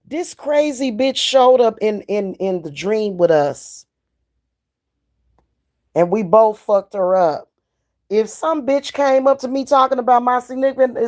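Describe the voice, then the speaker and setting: A woman's voice: fairly high pitch, darkish tone. A middle-aged woman, ranting in a casual vlog, blunt, heated and profane. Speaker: spiritual reader and vlogger.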